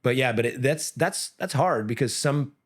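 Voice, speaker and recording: A middle-aged man, an MMA coach and former comedian, chatting on a podcast, telling animated stories and breaking into loud, high quoted voices. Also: normal speed, slightly rough. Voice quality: often breaks off and restarts sentences. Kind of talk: casual podcast chat.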